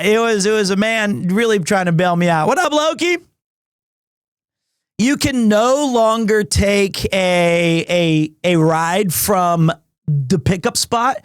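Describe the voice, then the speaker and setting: A man in his forties, a streamer casually telling a story to his chat, animated, and acting out the people he quotes in funny voices. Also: high-pitched, no echo, clean studio sound. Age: 40s.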